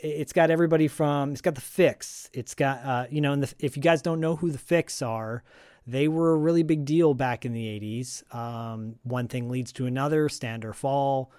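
A man's voice: medium pitch, steady tone, moderate pace, a little mellow, clean tone, dry recording, studio quality. A man co-hosting a film podcast, talking in an enthusiastic, chatty way. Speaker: podcast co-host. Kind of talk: casual film chat.

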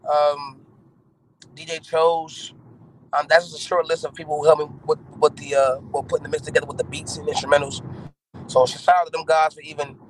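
A man from North Carolina, talking excitedly and gratefully as a guest while calling in from a moving car. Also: on the high side, a little fast, slight background noise, poor audio. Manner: grateful, excitable, laughing often. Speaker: rapper, guest. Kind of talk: casual interview.

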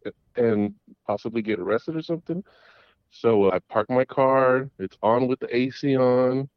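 A middle-aged man phones in and tells a long story in a rambling, halting way, tripping over restarts and fillers. His voice comes through a dull, lo-fi call line. The sound is dry and close, with no room around it. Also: medium pitch, no room sound. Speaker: caller. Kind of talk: casual storytelling.

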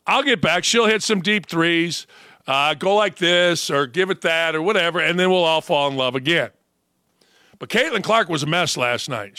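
A man's voice: a little high, sharp tone, dry recording, studio quality. Blunt, profane male sports talk host. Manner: blunt, profane, mocking, with sudden emphatic outbursts. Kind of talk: opinionated sports talk rant.

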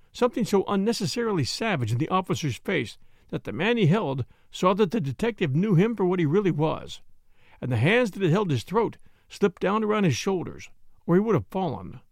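A man reading a story aloud as an audiobook narrator, with dramatic, expressive delivery. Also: high voice, vocal fry, dry recording, studio quality.

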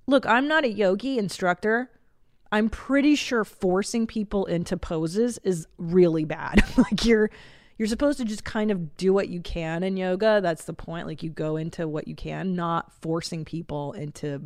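A woman's voice: lowish voice, no echo, studio quality. Blunt foul-mouthed woman podcast host, forties. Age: 40s. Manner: profane, blunt and animated. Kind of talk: casual chat.

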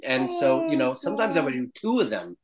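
Guy on a podcast telling a funny story, laughs a lot, mid-pitched voice. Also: brisk, over a noisy crowd. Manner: animated storyteller, laughing often. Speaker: guest actor. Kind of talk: casual podcast chat.

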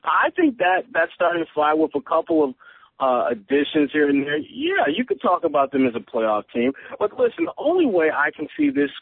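A man's voice: fairly high pitch, huge pitch swings, normal speed, gravelly, husky, no room sound. A man, a sports reporter calling into a podcast, giving analysis with frequent stammering restarts. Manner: thinking aloud, stammering restarts. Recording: tinny phone line.

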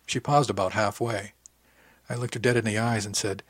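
A man's voice: lowish voice, fairly even intonation, moderate pace, husky, no echo. A man reading a first-person audiobook in a wry, intimate storytelling manner. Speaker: audiobook narrator.

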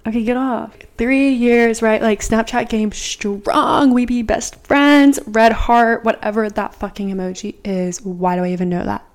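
A woman's voice: mid-range voice, darkish tone. A young woman co-hosting a podcast, telling a story in casual chat, rambling and swearing freely. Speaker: podcast co-host.

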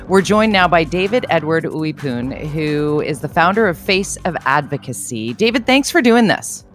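A woman hosting a radio interview, talking quickly and conversationally with frequent restarts. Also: low-pitched, expressive, soft background music. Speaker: radio host.

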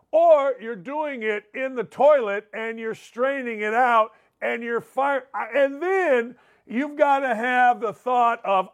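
A man with a fairly high voice runs a loose, jokey talk-show monologue. He jumps from loud, animated outbursts to low, muttered asides as he riffs. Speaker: sports talk show host. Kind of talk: casual monologue.

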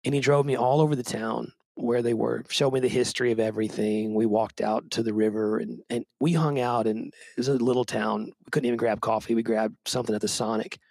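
A man's voice: medium pitch, steady tone, a little fast, vocal fry, few pauses, a little mellow, no echo. A man who is a pastor, talking earnestly and self-deprecatingly in a podcast conversation, often restarting his sentences. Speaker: pastor and book co-author.

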